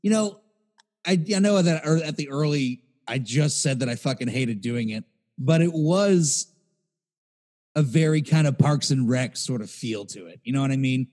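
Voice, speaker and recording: A man's voice: medium pitch, animated, normal speed, darkish tone, in a large hall. A man co-hosting a podcast, telling a rambling, profane story in casual chat. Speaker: podcast co-host.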